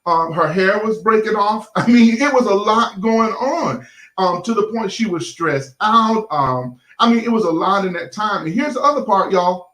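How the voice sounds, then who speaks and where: A man's voice: high voice, lively intonation, normal speed, a bit bright. Folksy pastor man in an echoey room. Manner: folksy, addresses the audience as y'all, lots of fillers. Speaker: pastor and show host. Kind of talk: casual sermon-like talk to viewers.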